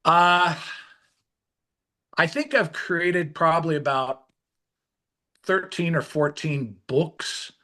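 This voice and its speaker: A middle-aged man, an author and illustrator, telling his story in an interview, swinging between hushed and excited delivery. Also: on the high side, slow pace, long pauses.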